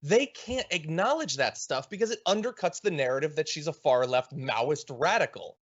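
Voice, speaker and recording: A wry man hosting a political talk show, with a fairly high voice for a man. He works through his points quickly and aloud. The audio is slightly muffled and lo-fi. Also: lively intonation. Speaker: host. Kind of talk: political commentary chat.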